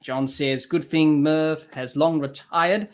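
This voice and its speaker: A man doing live cricket commentary for a podcast, rising excitedly on the play and dropping quiet to read viewer comments. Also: takes it slowly. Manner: lifts pitch and volume for the action, drops low to read comments and chat.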